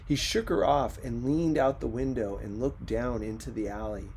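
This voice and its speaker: A man reading a short story aloud in slow, measured narration. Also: mid-range voice, steady tone, vocal fry, a little mellow, slight background noise. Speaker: reader. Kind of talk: audiobook narration.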